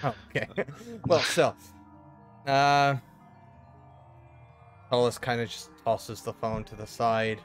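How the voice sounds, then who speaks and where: A man's voice: mid-range voice, slow pace, long pauses, soft background music. Joking man narrating his character. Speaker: player. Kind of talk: casual tabletop role-play.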